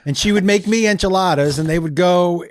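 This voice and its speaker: A man co-hosting a podcast, telling stories in casual, animated chat with swearing and bursts of laughter. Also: high voice, a little fast, dry recording. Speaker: podcast co-host.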